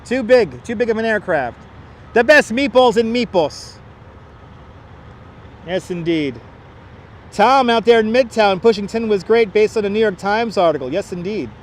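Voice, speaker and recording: A man's voice: high voice, expressive, moderate pace, slight background noise. A man hosting a planespotting livestream outdoors, chatty and joking as he calls out incoming flights on a clip-on mic. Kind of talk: casual live commentary. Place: outdoors near an airport. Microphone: wireless clip-on mic.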